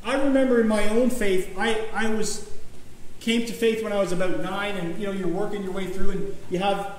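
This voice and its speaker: A man's voice: sits high, fairly even intonation, normal speed, slight background noise. A man preaching a sermon as pastor, in a conversational, folksy way with restarts and chuckles. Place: church sanctuary. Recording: very echoey church room, faint ambience.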